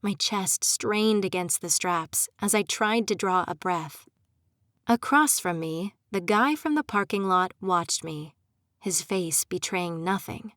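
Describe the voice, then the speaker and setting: A woman's voice: on the low side, slow pace, a bit bright, no room sound, clean studio sound. A young adult woman narrating a first-person audiobook, emotive and turning pleading and desperate in her character's lines.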